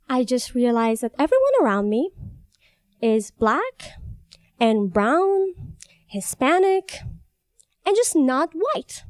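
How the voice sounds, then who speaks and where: A young woman from Iran, telling a personal story on stage in an animated, wry way. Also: high voice, dry recording, studio quality. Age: young adult. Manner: animated, wry, laughs between lines.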